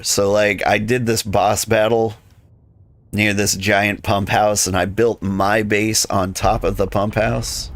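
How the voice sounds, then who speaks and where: A man with a lowish voice rambles casually while live-streaming a game, sounding tired and worn thin. His relaxed chat is packed with fillers, especially "like." The recording is dry.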